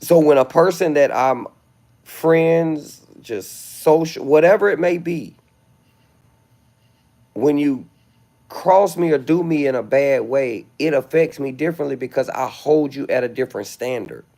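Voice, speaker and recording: Gravelly man rambling on a livestream. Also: on the high side, a little slow, warm tone. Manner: rambling, self-assured, with flashes of indignation. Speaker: livestream host. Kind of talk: casual livestream monologue.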